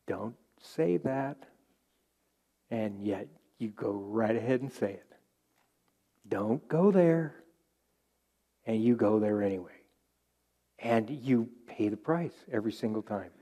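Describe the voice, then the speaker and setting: A man's voice: lowish voice, dark tone. A man teaching a Bible study as a pastor, earnest and repeating key phrases for emphasis.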